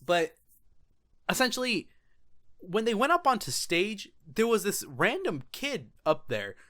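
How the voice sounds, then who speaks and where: A man with a bright, fairly high voice that jumps around a lot in pitch, giving casual commentary over a gaming clip. He is excitable and profane, laughing and tripping over his words. He talks like a gaming channel host breaking down footage. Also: measured pace. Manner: excitable, swears freely, laughs and restarts often.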